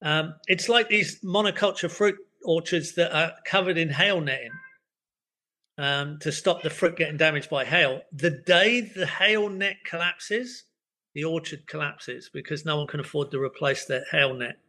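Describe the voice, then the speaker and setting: Bright-toned older man musing casually. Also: on the high side, moderate pace. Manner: reflective, rambling, many restarts and "you know" fillers. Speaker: permaculture educator, podcast guest. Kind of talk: casual interview conversation.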